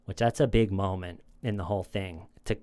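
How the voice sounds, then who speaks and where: A man's voice: low-pitched, steady tone, a little fast, warm tone. A man giving casual true crime commentary, retelling a scene in a conversational way with repeated phrases and small restarts.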